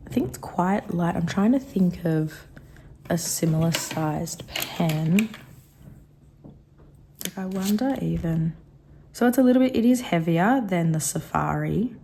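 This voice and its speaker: A woman with a slightly rough, coughing throat, chatting casually as she reviews a pen. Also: on the low side, measured pace, long pauses, slight background noise. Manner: chatty, rambling, softly admiring. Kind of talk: casual product review vlog.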